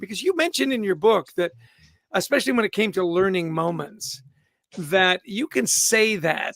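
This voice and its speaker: A man's voice: high-pitched, animated, moderate pace, fairly bright tone, dry recording, clean studio sound. A man hosting a livestream interview, talking with upbeat enthusiasm and frequent restarts. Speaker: host.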